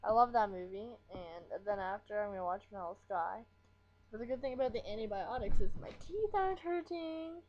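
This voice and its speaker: A teenage girl rambles in a casual webcam vlog at home, mumbling, swearing, and complaining that she's bored. Her mid-range voice is expressive, brisk, and mellow, while the lo-fi audio is dull with a faint hiss.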